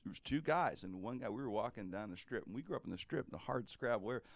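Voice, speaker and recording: A Pennsylvania radio host in middle age recounts a story in casual talk, animated and foul-mouthed, laughing frequently. He has a mid-range voice, speaks fast, and there's no echo.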